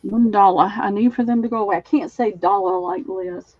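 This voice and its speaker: A woman's voice: medium pitch, fairly even intonation, a little fast, no echo, highs cut off. A woman with a Southern accent hosting a live online sale, chatting as she describes linens in detail. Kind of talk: live-stream selling chat.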